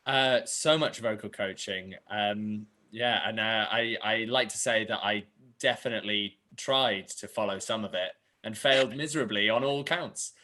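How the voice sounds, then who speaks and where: A man's voice: on the low side, moderate pace, bright, forceful tone. A man actor joking wryly and self-deprecatingly on a video-call panel. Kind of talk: casual post-show panel chat.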